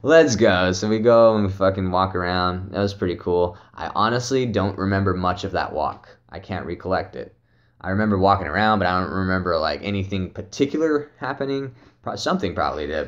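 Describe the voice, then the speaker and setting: A man's voice: low-pitched, muffled recording. Laid-back young man telling a trip story. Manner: loose, profane, laughing storyteller with many fillers. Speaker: vlogger. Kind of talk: casual storytelling, trip report.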